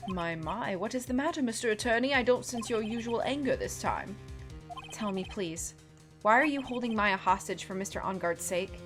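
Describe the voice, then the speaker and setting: A woman's voice: medium pitch, animated, normal speed, a bit bright, soft background music, natural voice. Woman doing a courteous British assassin. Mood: polite menace. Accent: put-on British. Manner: courteous, formal and coolly threatening. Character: polite, menacing male assassin. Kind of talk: reading game dialogue aloud.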